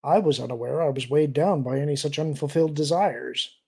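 Man playing a calm, steady old admiral. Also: fairly high pitch, gravelly, slightly rough. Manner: calm, measured, dry.

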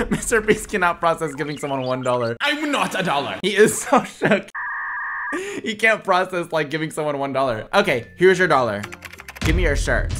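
An animated woman reacting to AI chatbots, reading their replies aloud in playful put-on voices between bursts of laughter. Her pitch swings widely and her delivery stays lively and conversational. Music plays clearly behind her. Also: normal speed. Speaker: streamer chatting with AI bots. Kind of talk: casual reaction commentary.

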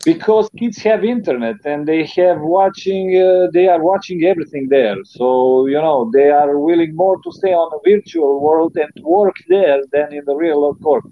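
Romanian host asking questions, muffled line. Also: male voice, a little high, animated. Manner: halting non-native English with fillers. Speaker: interview host.

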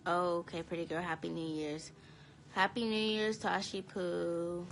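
A tired young woman chatting casually to viewers on a phone live stream from home, talking in a drowsy, low-energy way. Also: steady tone, a little slow, vocal fry, slight background noise, rough recording. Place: home, indoors.

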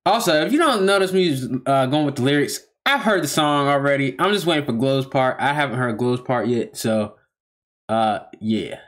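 A man's voice: mid-range voice, normal speed, a bit bright. A man hosting a reaction video, talking casually in slang and often repeating himself as he stops to comment.

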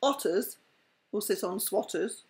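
Boastful storybook frog, showy and proud, read by a woman, slow and lilting. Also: mid-range voice, expressive. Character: boastful clever male frog poet. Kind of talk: bedtime picture-book reading.

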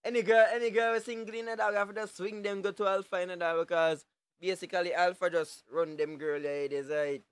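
A young man, streaming live and reacting to photos with loud, joking patois banter and sudden shouts. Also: sits high, fairly even intonation, brisk, a little hiss or hum.

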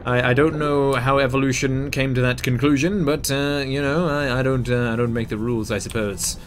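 A young man talks through a game at his desk mic in a middle-pitched voice, joking and muttering to himself. He yelps and panics when something startles him, then settles back into casual chatter. A faint hiss sits under the recording. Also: moderate pace. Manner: excitable, jokey, yelps and mutters while playing. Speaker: gameplay commentator. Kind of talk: casual let's-play commentary.

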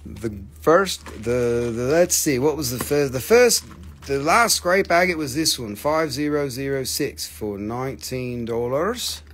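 Selling rocks on a live stream, this host chats casually, joking, rambling, cursing and filling gaps while names slip his mind. His medium-pitched voice is a bit bright with lively intonation and a slightly slow pace, over slight background noise.

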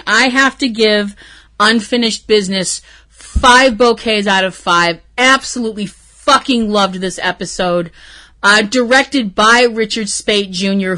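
A woman hosts a fan podcast and recaps an episode in casual, emotional talk. She swears freely and gushes about the show. Her voice is bright and sharp, sitting at an ordinary pitch for a woman. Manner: emotional, profane and gushing. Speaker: podcast host.

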